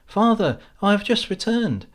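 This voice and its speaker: A man's voice: medium pitch, sing-song, normal speed, darkish tone. A man voicing an earnest young fisherman who grows frightened and pleads. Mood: alarmed, pleading. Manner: pleading, rising with alarm.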